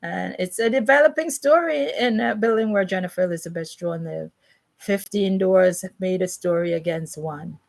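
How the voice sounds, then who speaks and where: A woman with a gravelly, somewhat low voice talks in a loose, rambling monologue. She reads news items aloud and stops to comment. She repeats herself, restarts often and leans hard on some phrases. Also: moderate pace, low-quality recording. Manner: repetitive, restarts and stammers, emphatic.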